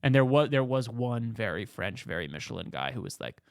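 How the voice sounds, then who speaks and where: Jokey, excitable gravelly-voiced male host. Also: medium pitch, fairly quick, few pauses, dry recording, clean studio sound. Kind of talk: comedic casual commentary.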